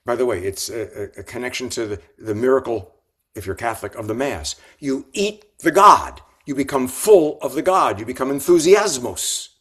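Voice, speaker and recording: Reflective older rabbi telling stories. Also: male voice, mid-range voice, expressive, normal speed. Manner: reflective, warm anecdotes with gentle humor and restarts. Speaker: rabbi and author. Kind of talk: storytelling in an interview.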